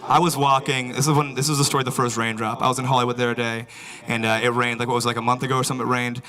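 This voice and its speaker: A man's voice: medium pitch, level tone, rapid-fire, bright, forceful tone, low-quality recording. A man doing a stand-up comedy set, talking loosely and rambling with lots of filler phrases before a live audience. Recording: live crowd audible. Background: audience laughter.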